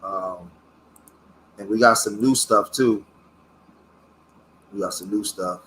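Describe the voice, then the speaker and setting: A middle-aged man, a community activist, talks casually on his own livestream, halting and searching for words with many fillers, earnest about his past. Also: fairly low pitch, steady tone, fairly bright tone, a little hiss or hum. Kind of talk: casual livestream talk while showing photos.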